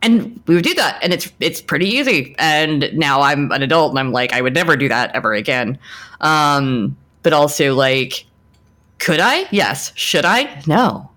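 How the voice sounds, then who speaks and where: A woman's voice: low-pitched, big pitch swings, measured pace, a bit bright. A young adult woman co-hosting a podcast, speaking frankly in casual chat and restarting her sentences often. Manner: frank, talks things through with many restarts and "like"s. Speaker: podcast co-host.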